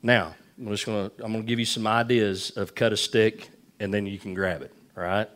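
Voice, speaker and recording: A man's voice: lowish voice, flat delivery, a little fast, a bit bright. A middle-aged man preaching a sermon, telling folksy stories with lots of repetition. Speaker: pastor.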